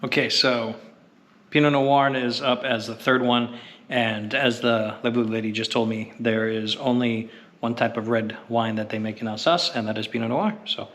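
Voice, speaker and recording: Out at a crowded Christmas market, a man vlogs his travels in a medium-pitched, somewhat bright voice. Casual and eager, he chats while sampling food and wine, relishing them out loud over the outdoor street noise.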